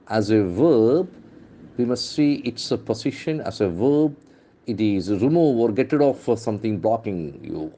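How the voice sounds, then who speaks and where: Using newspaper headlines, a man with an Indian English accent teaches pronunciation, drilling each word slowly and spelling it letter by letter. He's an English trainer with a mid-range, warm voice.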